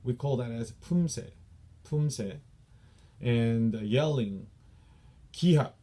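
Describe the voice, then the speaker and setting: A man's voice: mid-range voice, warm tone. A man with a Korean accent, a taekwondo instructor, patiently explaining and repeating Korean training terms for his students. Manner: explains patiently, repeats each term slowly. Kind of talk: teaching Korean dojang terms.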